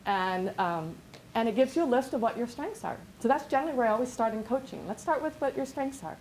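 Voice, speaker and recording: A woman's voice: fairly high pitch, animated, quick pace, a little mellow, slight background noise. Chatty woman coach rambling through a workshop. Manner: chatty, rambling, many restarts and quoted asides. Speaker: business coach. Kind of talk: workshop presentation. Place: classroom.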